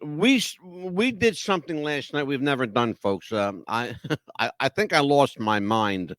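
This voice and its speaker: Animated rambling male podcast host. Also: medium pitch, dry recording. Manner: rambling, animated, halting restarts. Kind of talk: casual podcast chat.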